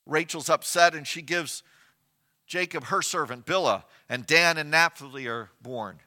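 A man delivering a sermon from the pulpit, his voice very bright and a touch higher than most men. He tells the scripture story with rhetorical questions, dropping soft and then rising for emphasis. The pace is unhurried and conversational. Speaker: pastor.

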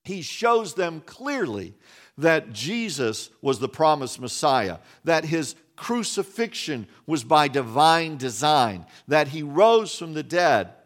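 A man's voice: on the high side, fairly bright tone. A man from West Virginia preaching a sermon in a conversational way, with folksy asides and frequent restarts. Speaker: pastor.

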